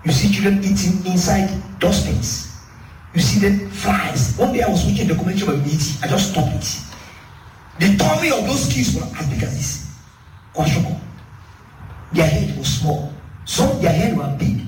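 A male preacher tells stories with a high, sing-song voice that leaps around his range. He sounds set back from the microphone in a reverberant church hall, with faint music under him. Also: normal speed. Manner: animated storytelling, laughing asides. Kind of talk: sermon. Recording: roomy hall, distant mic, faint music.

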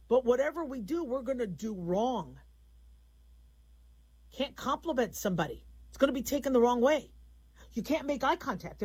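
A woman's voice: high voice, breathy edge, poor audio. A middle-aged woman hosting a radio call-in show, talking frankly in a rambling, conversational monologue.

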